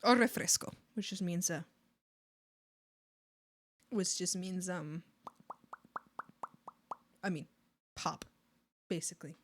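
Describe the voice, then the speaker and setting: A woman's voice: fairly low pitch, slow pace, pauses often. A Canadian woman from the Maritimes chatting casually on a live art stream, bubbly and giggly, rambling with lots of fillers.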